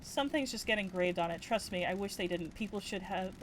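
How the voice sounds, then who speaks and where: A crude, abrupt troublemaker, voiced by a woman talks bluntly and swears freely. The delivery is short and punchy, with a rough edge to each remark. The voice sits in a middling pitch range. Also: fast talker, a little hiss or hum, natural voice.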